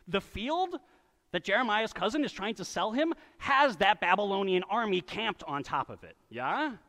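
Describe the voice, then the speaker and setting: Animated high-voiced man preaching in a hall. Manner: storytelling, with quick voiced asides for people in the story. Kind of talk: sermon. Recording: reverberant hall.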